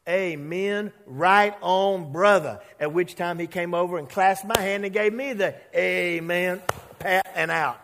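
Animated male pastor in a reverberant hall. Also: high-pitched, unhurried, creaky, noisy background. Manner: animated, acts out quoted voices. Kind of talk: sermon storytelling. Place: church sanctuary. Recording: long church hall reverb.

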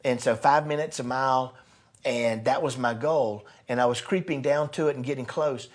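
Pastor, male, husky tone, earnest sermon delivery with swings between loud and soft. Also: mid-range voice, moderate pace. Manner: earnest, builds to loud bursts then drops soft.

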